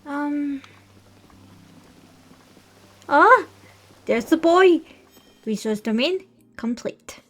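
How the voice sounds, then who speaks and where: A woman chatting casually while she plays a video game. Her voice is fairly high and her asides come slowly and loosely. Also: animated, a bit bright. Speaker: game streamer. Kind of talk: let's-play commentary.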